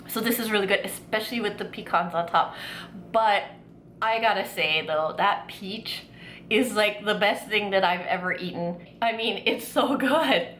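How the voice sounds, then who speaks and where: A woman food vlogger talks in a medium-pitched voice, excitable and gushing, full of casual fillers. She sounds like she is in a roomy, echoing space. Faint ambient noise sits behind her. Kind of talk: casual food tasting vlog.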